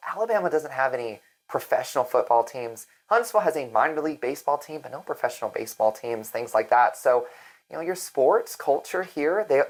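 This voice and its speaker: A woman's voice: very deep voice, a little mellow, rough recording. A woman from Virginia, a real estate agent, talking casually and chattily to camera in an upbeat vlog. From Alexandria, Virginia.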